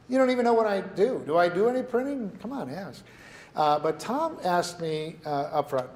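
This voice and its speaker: A man giving a business workshop talk to a live audience, telling lively stories and asking the room questions. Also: on the high side, normal speed. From New Mexico. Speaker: workshop presenter. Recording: echoey meeting room.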